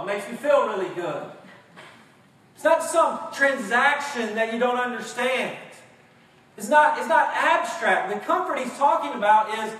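A man preaching a sermon with passion, swinging from hushed tones to shouts and acting out mock voices of his listeners. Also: extremely high pitch, animated, unhurried. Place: church sanctuary. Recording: very echoey room, far from mic, faint noise.

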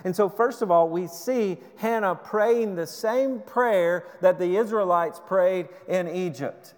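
A man's voice: high-pitched, animated, normal speed, hardly any pauses. A man preaching a sermon with passion, retelling scripture in the first person and pleading with his listeners. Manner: impassioned preaching, rising and falling, paraphrasing scripture in first person. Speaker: pastor. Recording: long hall reverb.

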